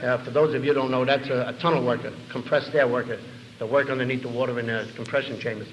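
Older man telling a story, quick and animated. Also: medium pitch, dull audio. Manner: animated, acts out the dialogue in his story; rambling, with repeated words and fillers. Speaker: speaker telling his recovery story. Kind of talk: personal storytelling to an audience. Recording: echoey hall with faint room noise.

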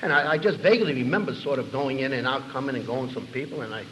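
Older man telling a story, quick and animated. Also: medium pitch. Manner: animated, acts out the dialogue in his story; rambling, with repeated words and fillers. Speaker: speaker telling his recovery story. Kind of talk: personal storytelling to an audience. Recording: echoey hall with faint room noise.

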